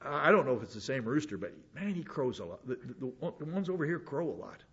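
Husky-voiced man preaching folksy. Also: medium pitch, very animated, quick pace. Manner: folksy, digressive storytelling with restarts. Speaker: pastor. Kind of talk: conversational Bible teaching. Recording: dull lo-fi sound.

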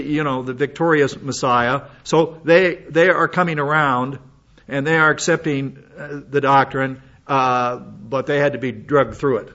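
An older male pastor delivers a folksy, meandering sermon full of restarts and homespun asides. His voice sits in an ordinary middle pitch. The recording is a little dull and lo-fi. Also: fairly bright tone.

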